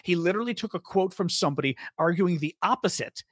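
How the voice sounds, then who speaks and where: A man co-hosting a podcast, talking in a sarcastic, animated way and mocking the voices of the people he quotes. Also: high-pitched, fast, slightly rough, dry recording, clean studio sound. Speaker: podcast co-host. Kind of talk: casual political chat.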